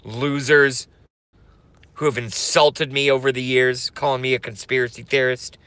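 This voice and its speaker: A man rants on a livestream, slow and drawn-out, with a bright, forceful tone. His talk is profane and rambling, full of repeated catchphrases, and the sound is close and dry. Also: mid-range voice, expressive, no echo. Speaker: streamer. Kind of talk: satirical ranting livestream.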